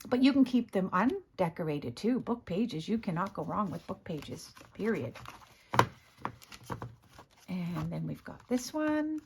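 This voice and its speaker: A woman with a hoarse morning voice, chatting casually as she shows her craft work, often clearing her throat and correcting herself. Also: medium pitch, big pitch swings, a little slow, background noise. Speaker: craft video host. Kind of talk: casual crafting show-and-tell.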